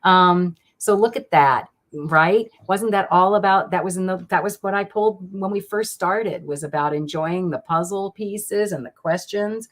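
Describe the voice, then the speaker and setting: A woman's voice: fairly low pitch, unhurried. Chatty woman giving card readings. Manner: chatty and gushing, with many fillers and restarts. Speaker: card reader hosting a live stream. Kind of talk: casual live-stream card reading.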